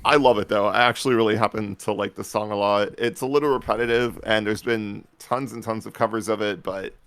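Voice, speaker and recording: A man co-hosting a casual podcast, rambling through stories in an animated way and laughing often. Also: fairly low pitch, brisk, no room sound. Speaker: podcast co-host. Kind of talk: casual chat.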